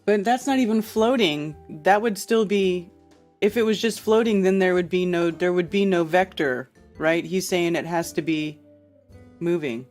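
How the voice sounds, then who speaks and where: A woman's voice: lowish voice, normal speed, darkish tone, soft background music. Chatty woman host reacting to a clip. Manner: chatty, reacts with laughs and reads out viewer comments. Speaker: livestream host. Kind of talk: casual commentary on a played clip.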